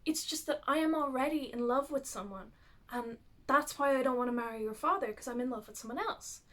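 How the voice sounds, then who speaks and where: A flustered, anxious young woman, as a woman plays her who hurries her denials out. Her voice is high and quick. It sounds close to the performer's own. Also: a bit bright.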